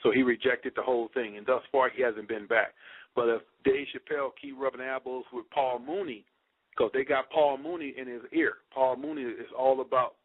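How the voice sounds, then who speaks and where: A man giving an emphatic, preachy lecture to his listeners in a slangy style, hammering the same points again and again. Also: mid-range voice. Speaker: speaker addressing listeners. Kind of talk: conspiracy lecture. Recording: dry tinny phone-like sound.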